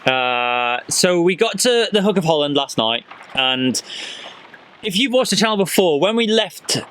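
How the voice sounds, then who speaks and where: Driving his camper van, a British man from the UK talks directly to his van life vlog viewers in a slightly high, bright voice with big pitch swings and an unhurried pace. He's casual, slangy and sweary, and road and vehicle noise comes through clearly.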